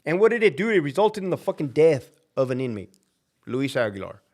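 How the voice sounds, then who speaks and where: A man with a sing-song, darkish voice talks fairly quickly while livestreaming as a prison guard, blunt, worked-up and full of profanity. He impersonates the people he quotes with big pitch jumps.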